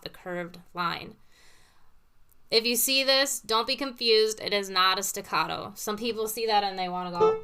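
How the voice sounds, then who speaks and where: Woman, piano teacher, bright tone, patient explaining, piano in between. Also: mid-range voice. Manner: patient, explains with everyday comparisons. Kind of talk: casual teaching talk with demonstrations. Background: piano played between phrases.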